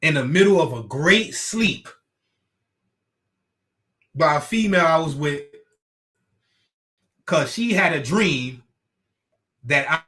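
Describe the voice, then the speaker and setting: A man hosting a casual stream chat, talking in an animated, repetitive, teasing way. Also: on the high side, takes it slowly, long pauses. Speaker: livestream host talking with guests.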